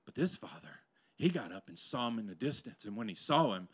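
A male pastor preaching to his congregation in a church. His delivery swings between loud, rising exclamations and quiet, intense passages. He drops in playful, conversational asides to the crowd. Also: lowish voice, sing-song, a little fast, breathy edge. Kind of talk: sermon. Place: church sanctuary before a congregation.

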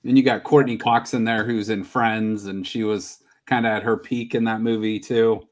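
A man's voice: fairly low pitch, fairly even intonation, moderate pace. A man hosting a casual podcast movie draft, talking enthusiastically and laughing as he goes.

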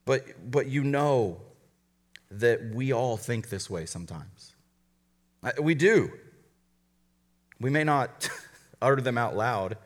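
A man's voice: medium pitch, lively intonation, slow, pauses often. A man preaching a sermon as a college pastor to a live church audience, talking conversationally with frequent restarts and joking asides. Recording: long hall reverb.

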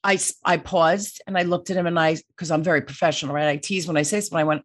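A woman's voice: on the low side, fast, hardly any pauses. A woman, a sales coach, telling a story in conversation, emphatic and full of "right?" asides.

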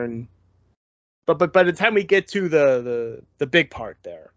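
A man's voice: fairly high pitch, expressive, measured pace, fairly bright tone, no room sound. Give me a male podcast co-host recapping a film plot, recorded dry and a bit dull. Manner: retells plot, quotes characters. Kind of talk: casual movie review chat.

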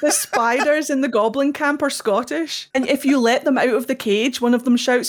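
A woman co-hosting a casual gaming podcast, talking in a chatty, excitable way and often breaking into laughter. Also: high-pitched, normal speed, hardly any pauses. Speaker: podcast co-host.

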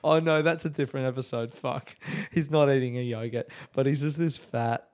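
A man's voice: mid-range voice, steady tone, moderate pace, darkish tone. An Australian man hosting a podcast, telling a story in a laid-back way, swearing freely and often laughing. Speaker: podcast host. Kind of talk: casual storytelling monologue.

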